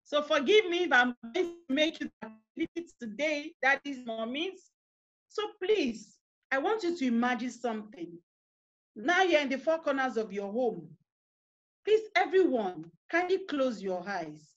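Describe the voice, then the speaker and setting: High-voiced Nigerian woman coaching parents. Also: big pitch swings, measured pace, highs cut off. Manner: earnest, questioning, guides listeners through an imagined scene. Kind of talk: online workshop talk. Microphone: video call.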